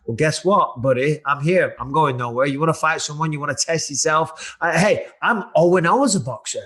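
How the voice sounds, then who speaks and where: A man's voice: fairly high pitch, brisk, fairly bright tone. A man in his forties hosting a podcast, talking in a blunt, profane, challenging way. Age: 40s. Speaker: podcast host. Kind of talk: casual podcast chat.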